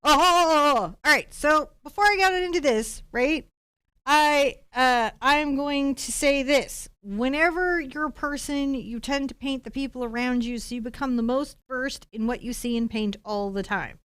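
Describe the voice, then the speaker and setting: A woman's voice: high-pitched, moderate pace, clean tone, no echo. Chatty American woman teaching painting. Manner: chatty, animated, warm asides to chat viewers. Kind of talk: chatty live-streamed painting lesson.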